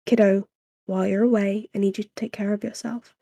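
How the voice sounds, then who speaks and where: A gentle, worried father, read by a woman coaxes his grown daughter in a tender, gently firm way. The voice stays mellow and dark, with a gravelly edge and dry close sound. This is storybook dialogue read in a plain voice. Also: mid-range voice, little pitch movement, a little fast, no room sound. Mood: coaxing.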